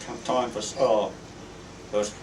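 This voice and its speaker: An older Australian man, a retired merchant seaman, reminiscing at length with halting, rambling speech and many fillers. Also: lowish voice, little pitch movement, a little mellow, a little hiss or hum. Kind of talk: reminiscing storytelling. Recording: roomy, distant mic, faint ambience.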